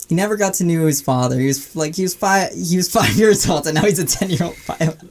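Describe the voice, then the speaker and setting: A young man co-hosting a podcast, telling a long story in a halting, rambling way with many fillers and nervous laughs. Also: a little high, a little hiss or hum. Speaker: podcast co-host. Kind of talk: casual chat.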